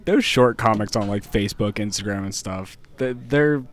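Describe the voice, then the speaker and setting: A man's voice: on the low side, normal speed. A young man in a casual podcast chat, laid-back with dry jokes. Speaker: podcast co-host.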